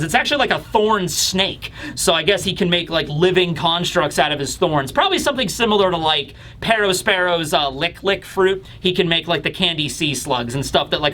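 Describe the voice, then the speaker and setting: A man's voice: high-pitched, pushed and bright, a little hiss or hum. A man hosting a casual manga chapter review, chatty and laughing, swearing casually. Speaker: host.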